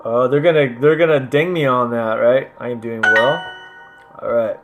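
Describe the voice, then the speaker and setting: A language learner chatting casually while doing app lessons, repeating French phrases aloud and thinking out loud. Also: mid-range voice, steady tone, moderate pace, over music. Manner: chatty and self-questioning.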